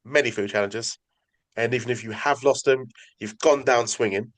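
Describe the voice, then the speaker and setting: English podcast host chatting easy, middle voice. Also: male voice, medium pitch, normal speed. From England. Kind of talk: casual interview.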